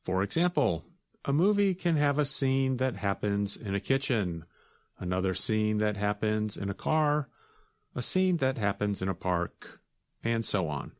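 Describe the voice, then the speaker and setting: A man co-hosting an English lesson, explaining words in a calm, slow and clear way. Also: fairly low pitch, no echo, clean studio sound.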